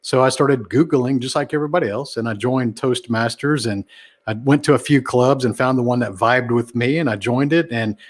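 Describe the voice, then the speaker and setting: A man being interviewed as a guest on a podcast, talking casually and animatedly, shifting his pitch and volume for emphasis. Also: moderate pace.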